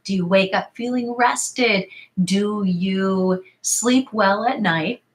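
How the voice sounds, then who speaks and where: A woman's voice: mid-range voice, slow pace. A middle-aged woman fitness coach answering viewer questions live, talking emphatically with strings of rhetorical questions and a bit of morning voice. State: morning voice, clearing throat. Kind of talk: live Q and A talk.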